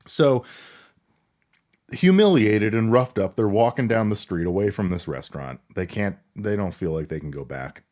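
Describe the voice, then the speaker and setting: A man with a fairly low voice casually recaps a movie for a podcast. He tells the plot in a laid-back, joking way, with crude humor mixed in. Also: lively intonation, normal speed, a little mellow. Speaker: podcast co-host.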